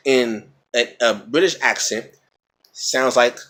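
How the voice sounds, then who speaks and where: A man's voice: medium pitch, takes it slowly, a bit bright. A man casually explaining battle rap rhymes in a teacherly way, repeating example words and checking in with "okay?".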